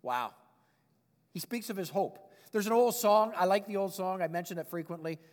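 High-voiced preacher in a reverberant hall. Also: male voice, normal speed. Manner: expressive preaching, reads scripture, chuckles at his own points. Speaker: pastor. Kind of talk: sermon.

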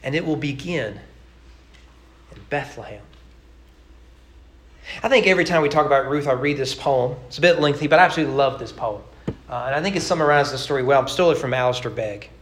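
A man pastor preaching a sermon with rhythmic, emphatic delivery and dramatic pauses. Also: medium pitch, a bit bright, slight background noise. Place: church sanctuary. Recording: roomy church sanctuary.

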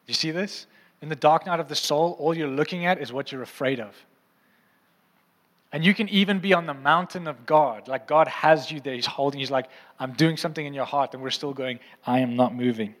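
A man preaches in a church hall with a long, ringing reverb, and his voice sits a little high. He talks in a conversational way and keeps asking the congregation whether they are following him. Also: a little fast, fairly bright tone. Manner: conversational, asks the crowd often. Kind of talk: sermon.

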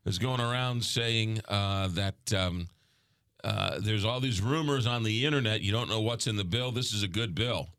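A man's voice: fairly low pitch, a bit bright, no echo, studio quality. A man with a New York accent hosting a morning radio show, chatting casually with frequent ums and uhs. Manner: halting, lots of ums and uhs. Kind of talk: casual on-air chat.

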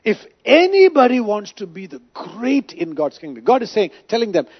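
A man's voice: high voice, huge pitch swings, normal speed, breathy edge, dull audio. A man preaching a sermon with emphasis, asking the congregation rhetorical questions. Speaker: pastor.

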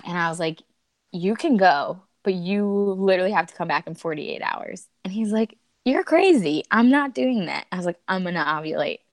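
A woman's voice: lowish voice, fairly quick, no echo. A woman in her thirties, a podcast guest, candidly and emotionally retelling a personal story with bursts of laughter.

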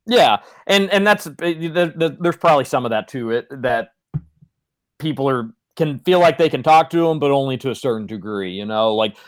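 A man's voice: medium pitch, moderate pace. Ranting sports radio man. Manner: ranting, exasperated.

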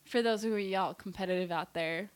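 A woman's voice: mid-range voice, a little fast, smooth, no echo. Chatty laid-back woman, dry close sound. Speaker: guest. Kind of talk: casual chat.

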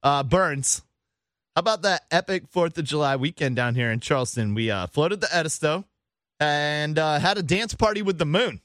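A man's voice: on the high side, animated, moderate pace, a bit bright, dry recording, clean studio sound. A man hosting a casual podcast, laughing often and upbeat as he wraps up the episode. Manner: laughing, upbeat, wrapping up the show. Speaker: podcast host.

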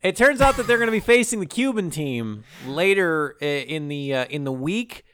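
Podcast co-host, male, lively high voice, smooth, dry close sound, recaps films with laughs. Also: moderate pace. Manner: animated, laughs often, stumbles and restarts. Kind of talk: casual chat recapping a movie.

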